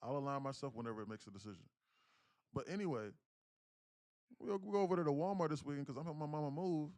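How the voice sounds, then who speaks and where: A young man day-trading on a livestream, chatting casually and profanely with viewers, telling stories loudly and excitedly. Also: mid-range voice. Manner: profane, animated storytelling, gets loud and excited.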